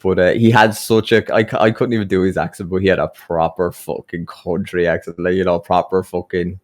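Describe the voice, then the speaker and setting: A man's voice: deep voice, flat delivery, fairly quick. A young Irish man chatting on a podcast, telling a story full of swearing and acted-out quotes. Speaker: podcast guest. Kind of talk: casual podcast chat, storytelling.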